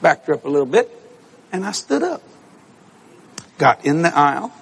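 Lively, gravelly-voiced male preacher. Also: a little high, moderate pace. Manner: animated, acts out voices, bursts into shouts and laughter. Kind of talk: storytelling sermon. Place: church service with congregation.

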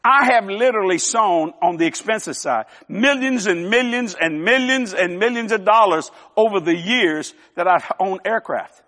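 High-voiced older preacher in a big hall. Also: male voice, moderate pace, bright, forceful tone. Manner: folksy, emphatic, joking with laughs. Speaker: televangelist preacher. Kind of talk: sermon. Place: large church hall. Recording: long hall reverb.

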